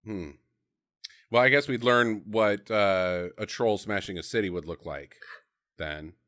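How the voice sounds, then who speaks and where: A man's voice: on the low side, unhurried, fairly bright tone. A man co-hosting a casual movie-review podcast. He swears freely, laughs often and fills his talk with "like.". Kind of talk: casual chat.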